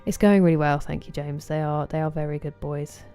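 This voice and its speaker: Southeast english woman streaming a game, chatty and friendly with chat, lowish mellow voice, bit of music behind. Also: fairly even intonation, fairly quick, clean tone. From southeast England. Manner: chatty and friendly, greeting viewers by name. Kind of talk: casual chat with live viewers while gaming.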